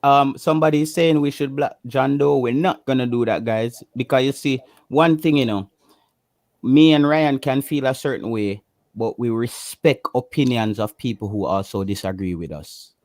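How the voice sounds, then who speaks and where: A man's voice: medium pitch, moderate pace, darkish tone, no echo, clean studio sound. A passionate Jamaican man co-hosting a casual livestream chat, emphatic and given to repeating himself. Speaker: co-host.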